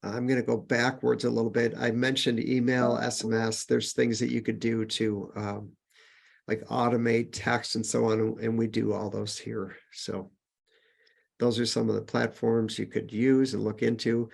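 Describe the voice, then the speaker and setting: A man leads a business webinar in a relaxed, conversational way. His mid-range voice carries a gravelly edge, and he brightens whenever he reaches a new numbered point. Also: mid-range voice, moderate pace. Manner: conversational, with frequent fillers and restarts, upbeat on list points. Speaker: webinar presenter. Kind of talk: casual webinar teaching.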